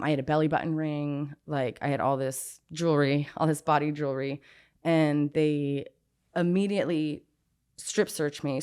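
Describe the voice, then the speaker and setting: Low-voiced woman telling a story frankly. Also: a little mellow, clear, resonant tone. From Southern California. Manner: frank and unfiltered, peppered with "like" and swearing. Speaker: interview guest. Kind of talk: recounting a personal story in casual conversation.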